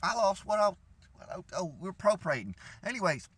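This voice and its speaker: Telling his viewers a meandering, curse-filled story in a laid-back rant, this young Cajun-accented vlogger from Louisiana speaks at a moderate pace. His voice sits high with big pitch swings, sounding a bit bright and husky, with no room sound.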